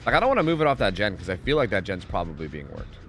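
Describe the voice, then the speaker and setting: A man streaming a game, chatting casually, swearing and yelling at the screen between stretches of humming. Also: low-pitched, very fast, slight background noise. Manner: swearing, animated, yells at the screen, hums to himself. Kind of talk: casual gameplay commentary. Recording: game music behind the voice. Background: game music.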